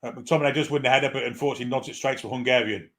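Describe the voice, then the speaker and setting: A man's voice: mid-range voice, fairly even intonation, very fast, fairly bright tone. A man giving live fan commentary on a football match, irreverent, swearing freely and reading out viewer comments.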